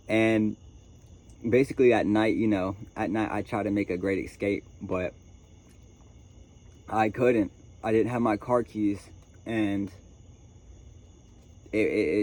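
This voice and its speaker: A man vlogging outdoors, telling a story in a lively way and talking straight to his viewers. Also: lowish voice, slow, long pauses. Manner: animated, addresses viewers as chat and y'all. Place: outdoors at a tent camp.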